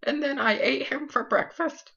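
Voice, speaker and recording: A woman's voice: sits high, normal speed, gravelly, a bit bright. A woman voicing a weepy female ghast who whines and giggles through tears, in a comic skit. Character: weepy female ghast, whiny, shoots fireballs. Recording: lo-fi dull recording.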